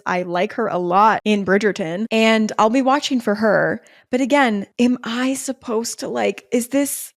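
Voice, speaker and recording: A woman's voice: on the high side, no echo, studio quality. A young woman in her twenties hosting a podcast in casual, candid chat, with many "like" fillers. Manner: chatty and candid, with frequent "like" fillers. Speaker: podcast host.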